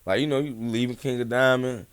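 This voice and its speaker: A man's voice: medium pitch, fairly even intonation, brisk, clean tone. A man, a rapper guest on a casual podcast interview, telling stories in a laid-back, slangy, rambling way. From Atlanta, USA.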